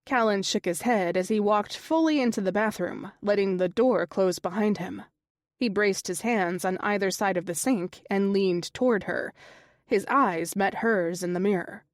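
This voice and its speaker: A woman reads a romance audiobook in a steady, even storytelling voice. Her pitch sits in the middle. The recording is close and dry, with no room sound. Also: normal speed, no room sound. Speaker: audiobook narrator. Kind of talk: scripted narration.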